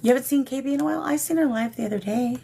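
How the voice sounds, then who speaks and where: Woman livestream host, gravelly fry, affectionate casual chat, noisy phone audio. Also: high voice, rapid-fire, dark tone. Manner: affectionate greetings to viewers. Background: shamanic drumming.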